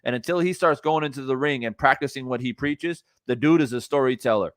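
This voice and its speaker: A man's voice: medium pitch, a little fast, no echo, clean studio sound. A man ranting on a live stream, blunt and profane, hammering his points through repetition. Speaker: streamer reacting to boxing news. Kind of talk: live-stream reaction rant.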